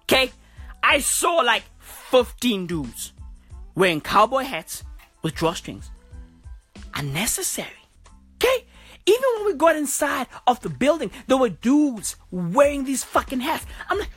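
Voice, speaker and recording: Woman ranting with a husky, lively voice. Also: high voice, unhurried, dry recording, faint music behind. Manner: crude, repetitive, swings into loud exasperated shouts. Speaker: comedic ranter. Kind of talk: profane comedic rant.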